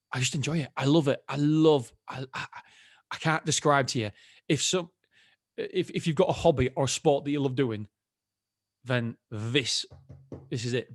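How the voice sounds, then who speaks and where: This solo podcast host is a man whose mid-range voice comes through clean and studio-crisp, without any echo. His talk is loose and candid, wandering along as he interrupts himself and starts over again and again.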